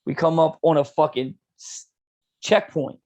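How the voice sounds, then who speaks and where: Young male podcast host, slightly high voice, rambling profane storyteller. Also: unhurried, mellow, lo-fi sound. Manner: profane, laid-back storytelling with lots of "dude" and "you know". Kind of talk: casual storytelling chat.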